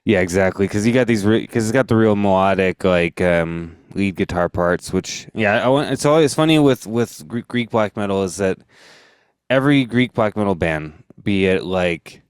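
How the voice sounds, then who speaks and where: A man's voice: on the low side, moderate pace, clean tone, dry recording. A man chatting casually about music, rambling with many fillers and laughing easily.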